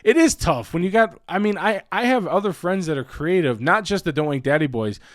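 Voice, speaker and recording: A man's voice: high-pitched, expressive, brisk, dry recording, clean studio sound. Rambling young man on a podcast. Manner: rambling, laughs often, crude jokes. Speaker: podcast co-host. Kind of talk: casual crude banter.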